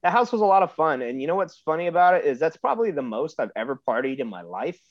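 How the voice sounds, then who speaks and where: A man's voice: on the high side, fast, dry recording, dull audio. Laid-back man telling wrestling stories. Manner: relaxed, laid-back storytelling with lots of fillers. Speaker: podcast guest, pro wrestler. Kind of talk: casual storytelling chat.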